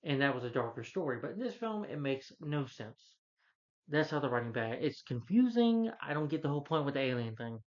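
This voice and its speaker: A man's voice: mid-range voice, very animated, fairly quick, darkish tone. Rambling male film reviewer, lo-fi. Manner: rambling, full of "you know" fillers, exasperated. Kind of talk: rambling casual review rant.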